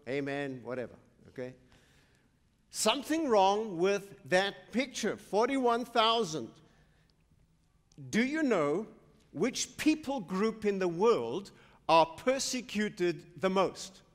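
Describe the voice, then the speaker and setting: A pastor preaching a sermon, slow and emphatic, quizzing the congregation. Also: male voice, sits high, lively intonation. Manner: slow, emphatic preaching with call-and-response questions. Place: church sanctuary. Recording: long church hall reverb.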